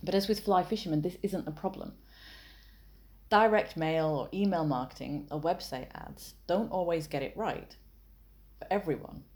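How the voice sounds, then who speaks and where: Low, mellow woman explaining. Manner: measured, analytical, with wry asides. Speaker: copywriting teacher and author. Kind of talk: explanatory talk on copywriting.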